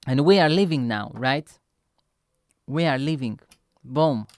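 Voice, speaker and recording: Young man for a casual vlog; loose, chatty storyteller, smooth voice, mid pitch. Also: measured pace, no room sound. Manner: rambling, animated, heavy filler words like "right?" and "boom". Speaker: vlogger.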